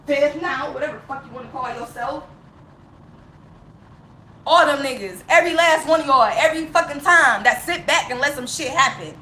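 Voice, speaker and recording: A woman with a high, bright voice vents straight to camera in a raw, heavily profane rant. She is emotional and close to tears, and laughs bitterly between lines. Her voice rings in a roomy space with faint ambience behind it. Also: a little hiss or hum. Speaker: vlogger.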